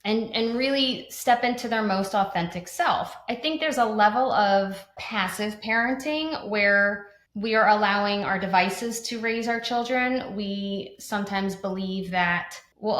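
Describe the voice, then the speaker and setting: A woman in her thirties co-hosts a conversational podcast, speaking earnestly in a medium-pitched, slightly bright, unhurried voice. She restarts often and leans on fillers like "like." The recording has a roomy echo.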